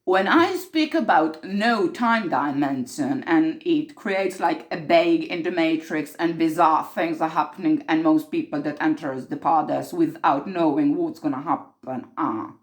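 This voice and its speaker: In an improvised monologue, a woman plays an earnest mystic recounting time slips, intense and repeating herself for emphasis. Her voice sits low, and she speaks a little slowly with few pauses.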